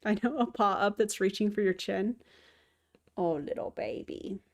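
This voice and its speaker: A woman's voice: medium pitch, normal speed. Woman host, casual stream chat, mid-range voice, affectionate cooing. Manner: chatty, often coos to her cat.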